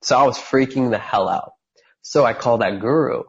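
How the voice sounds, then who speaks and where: A husky-voiced man in his thirties tells his story on a podcast. He talks with lots of energy and acts out the voices of the people in it. The recording sounds slightly dull. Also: medium pitch, normal speed. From California. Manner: animated storyteller who acts out quoted voices. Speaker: guest.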